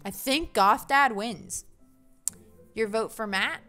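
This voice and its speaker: A woman's voice: on the high side, slow pace, pushed and bright, soft background music. A young woman streaming a dating game, chatting casually with viewers in a giggly, self-mocking way. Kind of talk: casual livestream commentary.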